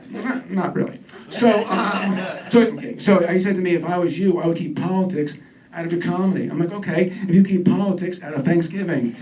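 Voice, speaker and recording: A man's voice: high voice, a little fast. A man performing a stand-up set in a comedy club, sardonic and self-deprecating, who gets worked up as he rants. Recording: distant mic with a laughing crowd.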